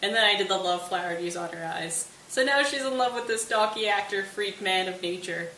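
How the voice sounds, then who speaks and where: A woman's voice: mid-range voice, a little fast, bright, forceful tone, close to an everyday voice. A woman plays a careless sprite servant from a retold stage comedy, offhand and casual. She sounds distant in a roomy space with a faint hiss behind her.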